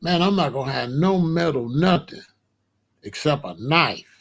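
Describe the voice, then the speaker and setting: A man talking casually to his viewers in a slangy, emphatic way, his voice sitting a bit higher than most. He keeps stressing his points and often breaks into animated disbelief. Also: a little slow. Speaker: vlogger. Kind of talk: casual monologue to camera.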